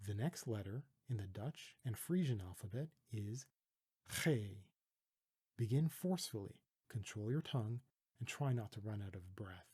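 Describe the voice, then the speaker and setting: A Canadian man from Toronto calmly teaching letter sounds, patiently demonstrating pronunciation with a close mic. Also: medium pitch, slightly rough. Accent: Canadian English. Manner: calm, patient, deliberate demonstrating. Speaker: language teacher. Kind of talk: pronunciation tutorial.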